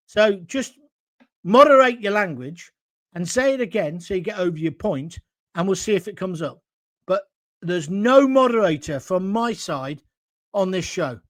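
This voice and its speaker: A man's voice: high voice, fairly bright tone, no room sound, clean studio sound. A middle-aged man, hosting a live-stream and ranting bluntly while reading viewer comments at home. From England. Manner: blunt, combative, ranting, jokey asides. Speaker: host of a live-stream show. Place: at home, alone.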